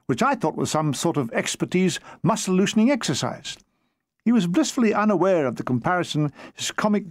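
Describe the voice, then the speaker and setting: A man with a high-sitting voice narrates an audiobook of his own memoir, with no room sound. His storytelling is dry and comic, now and then slipping into brief character voices.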